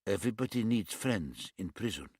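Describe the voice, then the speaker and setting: A man's voice: lowish voice, animated, moderate pace, a little mellow, breathy edge, dry recording, studio quality. A man voicing a gaunt, tattooed Lithuanian prisoner who speaks blunt, broken English with a Lithuanian accent and a menacing edge. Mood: insistent.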